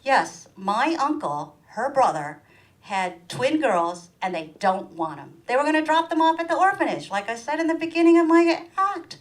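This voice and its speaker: A middle-aged woman performing a stand-up comedy monologue in a small room, animated, and jumping high in pitch when she acts out other people's lines. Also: normal speed, poor audio. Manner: animated, acts out quoted voices with big pitch jumps.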